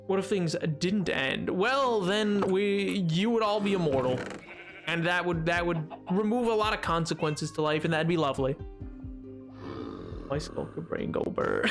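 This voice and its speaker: Faint soft music plays beneath a man with a notably high voice who streams a game and answers chat between moves. Loose and teasing, he jokes back at viewers while reading the chat. It's a playful, casual live-stream conversation.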